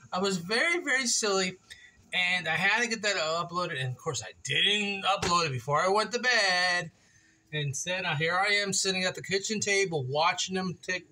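A man's voice: sits high, pushed and bright. A man chatting casually to his viewers while building a wooden project at his kitchen table, playful and joking at himself. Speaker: woodworking vlogger.

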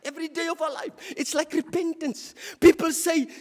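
A South African man preaches a sermon in a church, his voice pitched unusually high for a man. He talks with fervour, trips over words and repeats them before pushing on. His voice rings out with a long reverb through the church. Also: steady tone, normal speed. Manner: impassioned, with frequent stumbles and repeated words. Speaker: deacon preaching.

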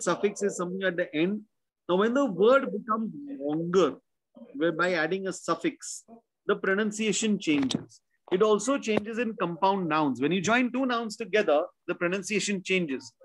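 With a high voice at a moderate pace, an Indian English–accented spelling bee tutor runs an online pronunciation class. He explains points, repeats words as drills, and often checks understanding with "right?"

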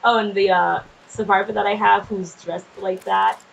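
A woman casually commenting on her gameplay, chatty and quick to swear, often laughing and talking back to the game's characters. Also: mid-range voice, fairly even intonation, gravelly, muffled recording, slight background noise. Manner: nervous and jumpy in scary moments. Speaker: gameplay streamer. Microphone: desk microphone.

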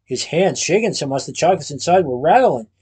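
A man reading a children's storybook aloud at a steady pace, occasionally restarting a phrase. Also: fairly high pitch, a little fast, breathy edge. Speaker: storybook reader.

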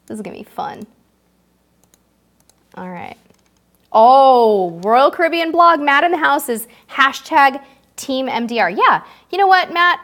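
Bubbly woman hosting a lively livestream. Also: a little high. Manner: bubbly, reads viewer comments aloud, laughs often. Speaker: livestream host. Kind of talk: casual livestream chat.

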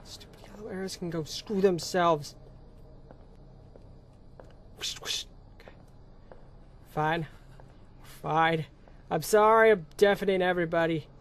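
A young man streaming live gameplay commentary into a desk microphone, excitable, swearing and talking back at the game. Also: high-pitched, slow, long pauses.

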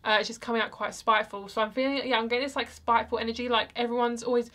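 A woman's voice: on the high side, little pitch movement, rapid-fire. A young woman giving a casual tarot reading to her viewers, chatty and rambling with lots of fillers. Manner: chatty, rambling, soft-spoken with frequent fillers. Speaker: tarot card reader.

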